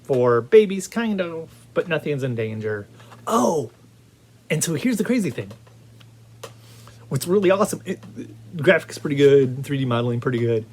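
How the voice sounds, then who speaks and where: A man giving a casual video game review, talking in an animated, rambling way full of restarts. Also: on the high side, moderate pace, pauses often.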